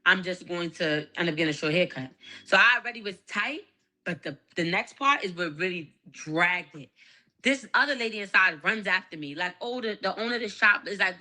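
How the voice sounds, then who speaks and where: A woman's voice: mid-range voice, normal speed, bright, forceful tone. A woman with a Brooklyn accent ranting heatedly about a bad salon visit, with heavy swearing. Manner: heated, profane, livid. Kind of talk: angry storytime rant.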